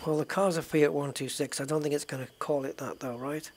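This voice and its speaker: A man hosting a let's play, quietly thinking aloud as he checks documents in a game. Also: fairly high pitch, steady tone, brisk, a little hiss or hum. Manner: quiet, muttering thoughts aloud. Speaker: gaming channel host.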